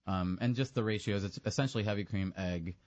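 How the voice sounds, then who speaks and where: Fast-talking man guest describing his food. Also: fairly low pitch, darkish tone, highs cut off. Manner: eager, rambling. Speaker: restaurant guest. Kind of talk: casual interview.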